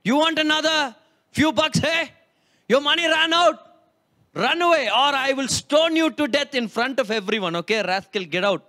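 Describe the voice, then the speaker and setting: Fatherly older man as a preacher puts him on, low and emphatic. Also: expressive, fast, a bit bright, no echo, studio quality. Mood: scolding. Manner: emphatic, repeating phrases. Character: father in a parable, older man, loving then stern.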